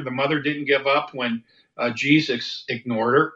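A man preaching a Mother's Day sermon, halting often with repeated words and fillers as he retells a Bible story. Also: medium pitch, steady tone, a bit bright, dull audio.

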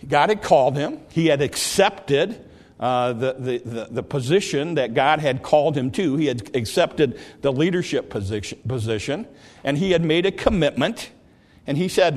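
A man teaching a Bible study lesson, explaining in a halting way and often repeating words as he goes. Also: on the high side, lively intonation, darkish tone. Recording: long reverb of a large hall.

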